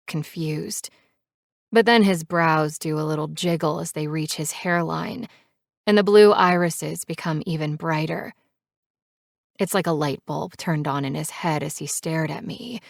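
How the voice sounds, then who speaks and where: A woman narrating a first-person romance audiobook with a measured, steady reading on a close mic. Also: sits low, creaky, no room sound.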